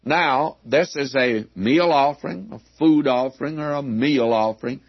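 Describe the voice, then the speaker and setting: A man teaching verse by verse through a Bible passage, measured and emphatic, with frequent asides to his listeners. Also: medium pitch, husky, no echo, dull audio.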